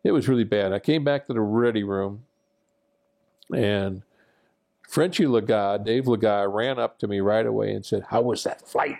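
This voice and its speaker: With a lowish, slightly mellow voice and some vocal fry, an older former military pilot shares war memories at a normal speed. His personal anecdote wanders, pokes fun at himself, and is peppered with fillers and restarts.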